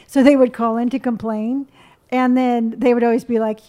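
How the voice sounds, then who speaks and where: Brief: middle-aged female co-host, chatty, a bit high-pitched. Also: fairly even intonation, brisk, dark tone. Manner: chatty, reminiscing, quotes people. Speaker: podcast co-host. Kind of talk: casual chat.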